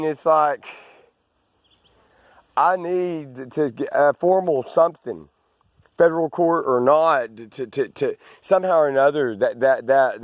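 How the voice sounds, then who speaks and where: Out of breath, an Arkansas landowner films his walk across his rural land, rambling with frequent restarts and tangents. His voice is mid-range, recorded without room sound.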